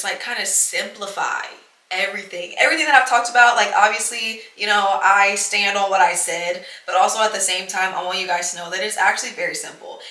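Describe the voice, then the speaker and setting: A woman's voice: mid-range voice, sharp tone. A young woman hosting a podcast, talking in an earnest, reassuring way full of "like" and "you know". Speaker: podcast host. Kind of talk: casual heartfelt monologue. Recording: echoey room.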